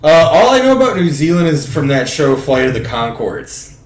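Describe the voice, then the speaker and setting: Lively, joking young man in an echoey room. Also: fairly high pitch, moderate pace. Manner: joking, rambling, swears a lot. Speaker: podcast co-host. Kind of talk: casual fight-watching chat.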